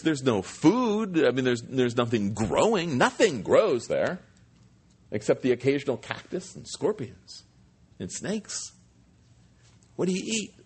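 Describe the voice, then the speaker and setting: A male preacher delivers an animated sermon, retelling scripture and stopping for playful asides. His voice is a little husky, and his pitch swings freely as he builds up each point. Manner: animated storytelling, frequent restarts and humor. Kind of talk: expository sermon.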